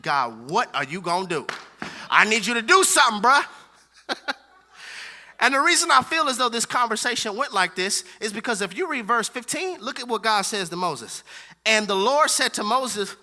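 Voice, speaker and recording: An animated male pastor preaching with humor, slang and frequent laughs. His voice is very high and strikingly bright. His tone swings from playful banter to hushed earnestness. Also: normal speed. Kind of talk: sermon.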